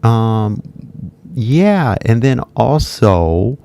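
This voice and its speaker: A man with an American English accent and Kansai Japanese, teaching in a casual live-stream lesson, switching between English and Japanese and talking in a relaxed, mumbled way. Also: fairly low pitch, slow.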